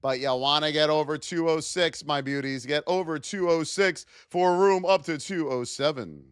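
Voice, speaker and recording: A man running a live stream, calling out price levels for a trading lesson in an energetic, playful way and chatting with viewers. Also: on the high side, moderate pace, clear, resonant tone, dry recording, clean studio sound. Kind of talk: live stream market commentary.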